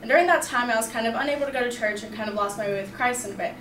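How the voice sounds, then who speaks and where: A young woman tells a personal story to a class in a bright, chatty manner, scattering "like" and "you know" through her sentences. Her voice sits a little high. The recording is echoey and picked up from across the room, with faint background noise. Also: rapid-fire, distant mic. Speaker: student storyteller.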